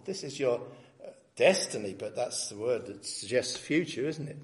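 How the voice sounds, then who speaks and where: A man preaching an expository sermon, reading scripture aloud with rising emphasis and stressing key words slowly. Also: medium pitch, animated. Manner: reads scripture aloud with rising emphasis, then comments plainly.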